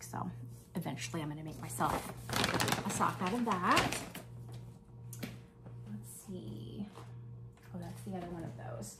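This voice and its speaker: An older woman hosting a crafting vlog, chatting enthusiastically as she shows off her projects and sometimes dropping to a hush. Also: lowish voice, measured pace, pauses often, very noisy. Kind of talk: casual show-and-tell chat.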